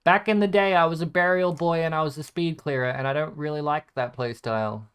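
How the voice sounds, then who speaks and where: A man's voice: fairly high pitch, fairly quick, fairly bright tone, clear, resonant tone. A man giving casual gameplay commentary, rambling from tip to tip with lots of swearing and sarcastic jokes at his own expense. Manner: rambling, profane, sarcastically self-deprecating. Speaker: gaming content creator.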